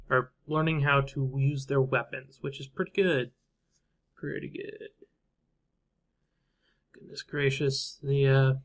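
Thinking aloud as he plays a strategy game, this commentator muses to himself, leaving thoughts half-finished and drifting off into fillers. He has a medium-pitched voice that sounds pushed and bright.

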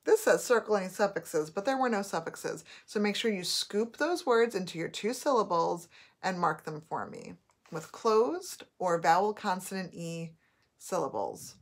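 A woman teacher giving a recorded spelling test, dictating words slowly and repeating each one. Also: on the low side, big pitch swings.

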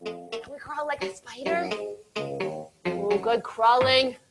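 A woman's voice: a little high, expressive, takes it slowly, gravelly, music in the background. A young woman leading a children's movement class, playful and encouraging, with a sing-song teacher manner. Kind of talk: upbeat children's class with music. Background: children's song playing faintly.

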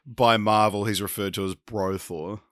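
A man co-hosting a casual podcast, his voice hoarse and a bit worn. He tells stories in an animated way and laughs often, recorded dry and close. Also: on the low side, normal speed, dry recording. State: hoarse from yelling the night before. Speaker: podcast co-host.

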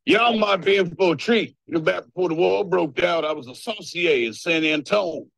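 An actor playing a folksy, boastful male soldier in a comedy film, in a husky put-on drawl. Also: sits high, moderate pace, a bit bright, dry recording, full character voice.

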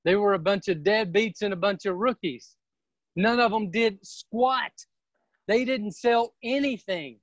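A man, a real estate team leader, giving an energetic and emphatic motivational seminar talk. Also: high voice, measured pace, dry recording, highs cut off.

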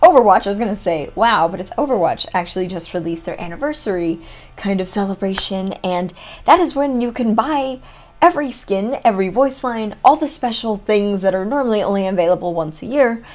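A young woman chatting excitedly as she opens items on her gaming vlog, full of rambling asides. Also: medium pitch, fairly quick. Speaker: gaming vlogger. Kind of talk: casual unboxing commentary.

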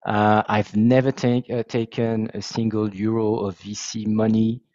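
A man from France with a French accent, presenting his background on a video call in a self-deprecating, halting way. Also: fairly low pitch, little pitch movement, darkish tone, no echo, dull audio. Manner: self-deprecating, hesitant restarts. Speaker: software founder and facilitator.

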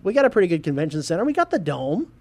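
A man hosting a casual geek news podcast, animated, laughing often and stumbling over his words. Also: fairly high pitch, racing. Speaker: podcast host.

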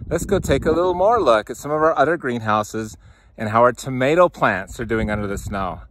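A man in his forties with a bright, forward voice walks and talks through a snowy farm, filming himself on a handheld camera. He is casual and upbeat with his viewers and keeps calling them guys. He is out of breath from shoveling snow. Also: medium pitch, animated, a little fast, a little hiss or hum. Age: 40s. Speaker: farmer and channel host. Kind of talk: casual walk-and-talk farm vlog. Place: outdoors in snow and inside a greenhouse.

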